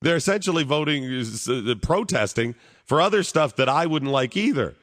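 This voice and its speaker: A man's voice: fairly high pitch, animated, moderate pace, a bit bright, long reverb tail. A man hosting a talk radio show, giving blunt, opinionated and exasperated commentary.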